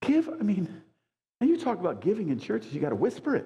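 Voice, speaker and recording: A man in his sixties preaching a sermon as a pastor, high-energy and emphatic with folksy asides. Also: wildly swooping pitch, a little fast, dark tone. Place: church sanctuary. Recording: long church reverb.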